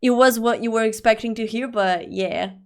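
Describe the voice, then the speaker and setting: This young woman's voice is fairly high and her pace normal. Chatting casually with her livestream audience despite allergies, she rambles, leans on fillers, and warmly calls viewers "my love."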